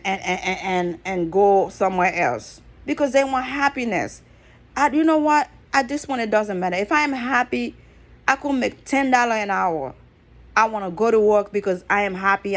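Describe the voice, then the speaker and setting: A woman in her thirties ranting about her job in a frustrated, emphatic, repetitive way. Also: mid-range voice. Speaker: vlogger. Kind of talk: casual rant to camera.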